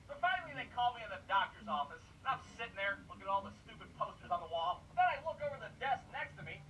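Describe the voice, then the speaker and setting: Fast-talking profane male storyteller. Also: very high-pitched, far from the mic, slight background noise, poor audio. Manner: profane, deadpan, self-mocking. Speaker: animator and storyteller. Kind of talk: comedic storytelling.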